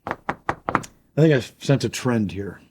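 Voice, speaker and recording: A man's voice: mid-range voice, expressive, a little slow, darkish tone, a little hiss or hum. A man co-hosting a casual podcast chat, talking loosely with lots of fillers and laughs. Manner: chatty, laughs often, filler-heavy. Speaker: podcast co-host.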